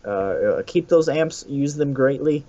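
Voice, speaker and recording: A man co-hosts a casual gaming podcast, playful and often laughing. His voice swings widely in pitch. The sound is muffled and lo-fi. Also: lively intonation, unhurried, warm tone. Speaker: podcast co-host. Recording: muffled low-fi audio.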